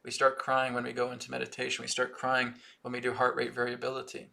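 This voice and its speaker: A man's voice: mid-range voice, monotone, fast talker, vocal fry, pushed and bright. A man hosting a live-stream spiritual teaching and Q&A, talking earnestly and often checking in with "right?" and "okay?". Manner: reads viewer comments aloud from the chat.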